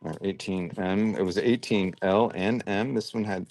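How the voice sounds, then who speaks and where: A man's voice: deep voice, fairly even intonation, moderate pace, darkish tone. A man hosting a livestream, chatting casually and thinking aloud while he sorts and packs orders. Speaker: livestream host sorting and packing toy brick orders. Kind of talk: casual chat while working.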